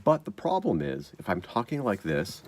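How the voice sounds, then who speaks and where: Low-voiced man talking through a test. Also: huge pitch swings, normal speed. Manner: thinking aloud, explaining step by step. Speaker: vlogger testing microphones. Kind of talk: casual demonstration. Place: inside a parked car. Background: faint car engine hum.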